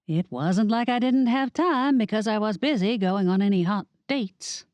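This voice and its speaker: Animated woman narrating. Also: mid-range voice, normal speed, no echo, highs cut off. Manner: animated, wry, dramatic. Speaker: audiobook narrator. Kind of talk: first-person audiobook narration.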